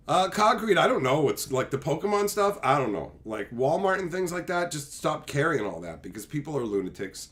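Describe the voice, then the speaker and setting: A man's voice: fairly high pitch, very animated, fairly quick, few pauses, fairly bright tone. A man from Canada hosting a live stream, telling stories in casual, profane chat and laughing often.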